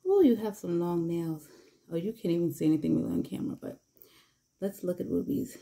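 A woman's voice: medium pitch, a little fast, vocal fry, pauses often, warm tone. A woman vlogger chatting casually and fondly to her pet and her viewers. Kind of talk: casual pet vlog chat.

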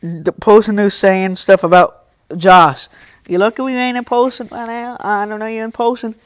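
A man's voice: high voice, fairly even intonation, moderate pace, clean tone, no echo, clean studio sound. A young man live streaming, reading and answering his chat in casual talk, scolding some viewers and joking with others. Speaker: livestreamer.

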